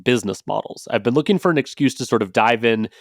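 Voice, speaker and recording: A man's voice: medium pitch, fast talker, creaky, no room sound. Dry-sounding male podcast host. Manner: conversational, many fillers and restarts. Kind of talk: casual podcast talk.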